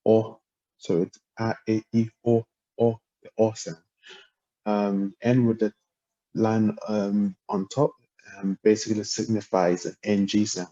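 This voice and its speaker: A man teaching a language lesson, explaining word tones in a hesitant way with many pauses and ums. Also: on the low side, warm tone. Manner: hesitant, lots of ums, spells out syllables and tones. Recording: dull lo-fi audio without a proper mic.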